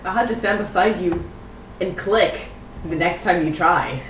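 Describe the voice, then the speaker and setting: A woman's voice: fairly low pitch, a little slow, recorded from a distance, a little hiss or hum. A woman in the room joking and teasing from off to the side. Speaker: friend in the room. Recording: roomy, from across the room.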